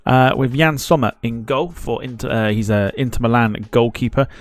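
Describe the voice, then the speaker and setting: A man's voice: mid-range voice, fairly even intonation, normal speed, soft background music. A man hosting a live football watchalong stream, chatting casually, greeting viewers in the chat and laughing at himself as he rambles.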